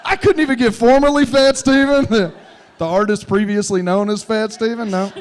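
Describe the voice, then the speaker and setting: A man telling loud, profane, laughing stories on a comedy club stage into a handheld mic. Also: high voice, fairly even intonation, moderate pace. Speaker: comedian and teacher. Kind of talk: live comedy Q&A storytelling.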